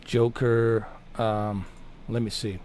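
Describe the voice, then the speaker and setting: A man's voice: on the low side, level tone, slow, a little mellow, a little hiss or hum. A man hosting a gaming channel, chatting in a casual, rambling way and swearing freely.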